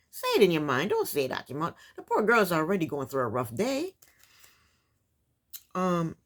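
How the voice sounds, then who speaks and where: A woman's voice: mid-range voice, fairly bright tone. A woman casually recapping a reality TV episode, chatty and opinionated, talking back at the people on the show.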